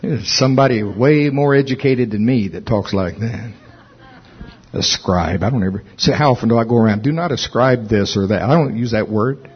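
A man preaching a sermon with emphatic delivery, rising in pitch when stirred. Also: moderate pace, slightly rough, lo-fi sound. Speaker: pastor.

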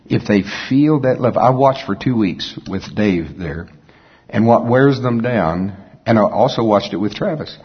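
A man delivers a sermon in a low, husky voice. His preaching is folksy and conversational, full of quick asides to the congregation. The recording is dull and lo-fi. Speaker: pastor.

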